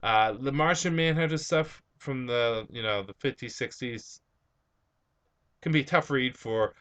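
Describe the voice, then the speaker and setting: A man's voice: mid-range voice, a little slow, fairly bright tone. A young man with a slight Spanish-influenced accent on some words, hosting a vlog and answering viewer questions in a rambling, hesitant way with many fillers. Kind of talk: casual chat.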